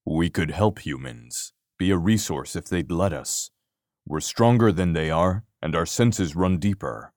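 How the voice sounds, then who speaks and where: A man's voice: sits low, a little slow, darkish tone, no room sound, clean studio sound. A man voicing a weary, earnest male wolf-shifter leader in an audiobook.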